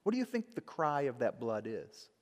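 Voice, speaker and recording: A man preaching a sermon, swinging between loud dramatic bursts and hushed asides. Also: medium pitch, big pitch swings, moderate pace. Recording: long hall reverb.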